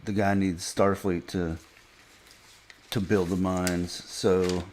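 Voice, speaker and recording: A man casually recapping a TV episode for a podcast, halting with frequent fillers and restarts. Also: sits low, little pitch movement, a little mellow, a little hiss or hum. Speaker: podcast reviewer.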